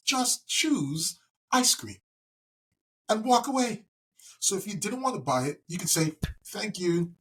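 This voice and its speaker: A middle-aged man, a podcast guest, telling a story in a calm, measured way. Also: fairly high pitch. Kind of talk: conversational storytelling.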